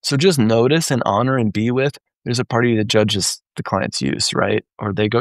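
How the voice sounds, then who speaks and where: Gravelly low-voiced male therapist. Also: fairly even intonation, a little fast, few pauses, dry recording. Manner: conversational, often checks in with "right?". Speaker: therapist and trainer. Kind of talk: live Q&A teaching.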